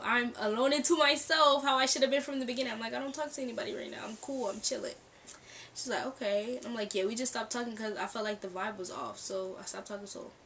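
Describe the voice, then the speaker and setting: A young woman casually telling a storytime vlog, animated and laughing, acting out the lines of the people in her story. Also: on the high side, far from the mic, a little hiss or hum. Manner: animated, acts out quoted dialogue, laughs often. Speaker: storytime vlogger. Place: bedroom near a street. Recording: mic set back, faint background ambience. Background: cars passing outside.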